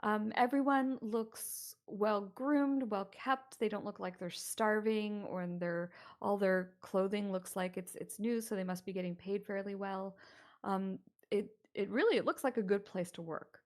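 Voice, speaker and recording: A woman's voice: medium pitch, unhurried. A woman narrating as dungeon master in a tabletop game, chatty and full of fillers. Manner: chatty, laughing, many fillers.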